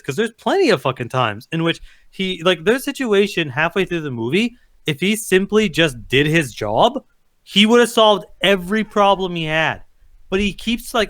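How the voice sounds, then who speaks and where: A man's voice: high-pitched, big pitch swings, moderate pace, a bit bright. A man co-hosting a casual movie review chat, blunt and argumentative. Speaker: podcast co-host.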